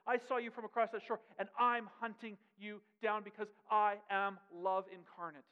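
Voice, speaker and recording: A man voicing a gentle male savior, speaking softly and low with calm repeated reassurances. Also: normal speed, clear, resonant tone, lightly acted. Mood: tender. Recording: dull audio in a long-echo hall.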